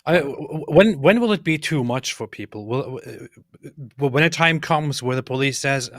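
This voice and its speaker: A man's voice: medium pitch, animated, normal speed, a bit bright, no echo, clean studio sound. Sardonic man with stammering restarts. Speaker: co-host. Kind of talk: casual political chat.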